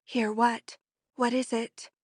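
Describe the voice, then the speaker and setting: A woman reading an audiobook, voicing a timid, frightened society matron who speaks slowly and faintly. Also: on the high side, little pitch movement, no echo, studio quality. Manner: slow, faint and shaky. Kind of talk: audiobook character voice.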